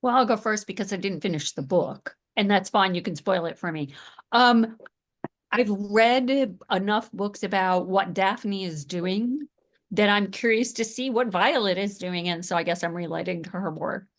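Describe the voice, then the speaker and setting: A woman's voice: mid-range voice, normal speed. A woman in an online book club sharing her view candidly over a video call. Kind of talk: casual discussion.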